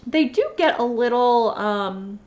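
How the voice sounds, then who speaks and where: Her fairly high, darkish voice is animated, and she takes it slowly while chatting about cross-stitch finishes in a rambling show-and-tell vlog. She has a slight lisp, uses lots of fillers and restarts, and is sniffly after sneezing. Highs are cut off in the audio.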